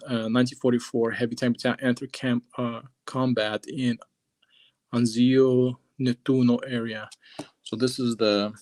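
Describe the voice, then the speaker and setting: A man's voice: medium pitch, darkish tone. A man casually flipping through a book on a livestream, rambling and chatting with his viewers.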